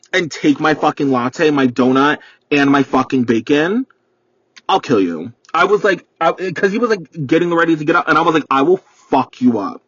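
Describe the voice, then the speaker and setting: A man's voice: fairly high pitch, fairly bright tone, breathy edge, no room sound. Profane rambling young man ranting. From New York. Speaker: podcast host. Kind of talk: casual solo storytelling rant. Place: parked car. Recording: dull, muffled sound.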